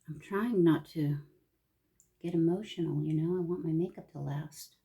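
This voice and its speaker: Soft-spoken, mellow woman. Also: low voice, normal speed, vocal fry. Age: middle-aged. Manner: soft-spoken and heartfelt, often dropping to a near whisper. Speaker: vlogger. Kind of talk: casual reflective chat.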